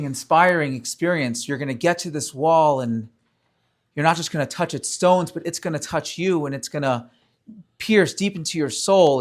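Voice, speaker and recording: Rabbi man telling stories to a room full of people, earnest and heartfelt, voice kinda high for a guy. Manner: earnest, storytelling. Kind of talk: inspirational talk at a prayer service. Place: room with a live audience.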